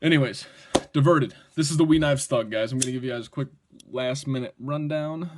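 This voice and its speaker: A man's voice: mid-range voice, a little fast, a little mellow, a little hiss or hum. A man casually reviewing a pocket knife on camera, enthusiastic and rambling, often tagging "right?" and swearing mildly.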